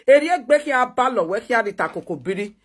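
A woman's voice: a little high, expressive, fast, slightly rough. A woman with a Nigerian accent in a heated live-video rant, taunting and mocking a rival. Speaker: social media personality. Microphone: phone on live video.

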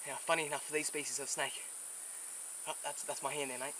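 A fast-talking Australian with a slightly high voice and flat delivery presents wildlife in bush country, handling a venomous snake. He's sweating and a bit out of breath, switching between gentle murmurs and enthusiastic explaining, while insects and crickets buzz loudly on the outdoor recording.

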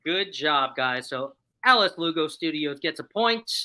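A woman's voice: deep voice, expressive, unhurried, pushed and bright, rough recording. A woman hosting a live stream trivia game in a chatty, upbeat way, laughing often as she reads out chat replies. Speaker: livestream host running a trivia game.

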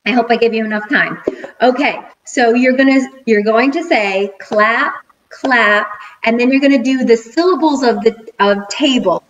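A middle-aged woman teacher giving a cheerful video lesson to young children, counting out rhythms slowly and clearly. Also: fairly high pitch, muffled recording. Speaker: school teacher.

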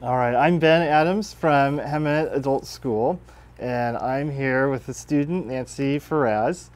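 Proud man teacher in middle pitch. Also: unhurried. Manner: warm and proud. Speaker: adult school teacher. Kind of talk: speech honoring a graduate.

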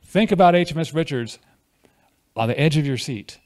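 A man's voice: on the high side, lively intonation, normal speed, darkish tone. A man preaching a conversational sermon at a church fellowship, often asking the congregation questions.

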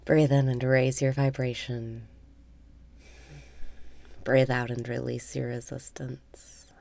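A woman leading a guided meditation with calm breath cues, often dropping into a half whisper. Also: rumbling low, slow, gravelly.

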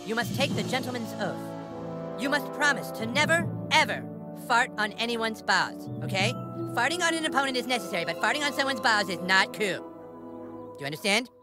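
A man voicing a bossy, scheming boy who plays a wizard leader, talking in a pompous, commanding way in a video game. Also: very high voice. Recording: game audio over loud music.

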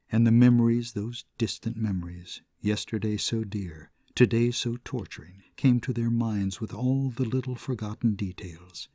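A man narrating a classic short story in a measured, somber way. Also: on the low side, warm tone, husky, no room sound, clean studio sound. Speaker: audiobook narrator.

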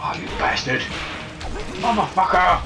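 A man commentates his gameplay in a constant stream of swearing and exasperated outbursts. His voice is gravelly and swings widely in pitch, and he talks at an unhurried pace. He sounds set back from the mic, with loud game music playing over him. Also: very animated, far from the mic. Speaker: gamer. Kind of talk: let's play commentary.

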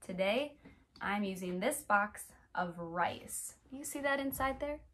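A young woman teaching a music class for toddlers, speaking gently and playfully and asking the little ones lots of questions. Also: medium pitch, lively intonation, a little slow, background noise. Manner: gentle, playful, talks straight to small children with many questions.

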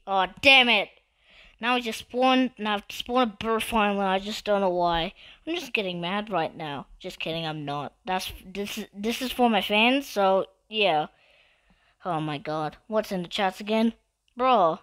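A woman giving live gameplay commentary, excitable and given to repetitive trash talk at other players. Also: medium pitch, measured pace, long pauses, smooth. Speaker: gamer.

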